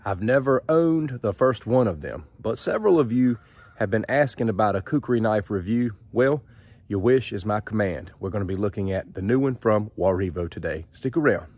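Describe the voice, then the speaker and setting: A man's voice: lowish voice, lively intonation, moderate pace, darkish tone, dry recording. Folksy Southern man reviewing a knife. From Southern United States. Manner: folksy and chatty, addresses viewers directly. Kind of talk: casual product review vlog.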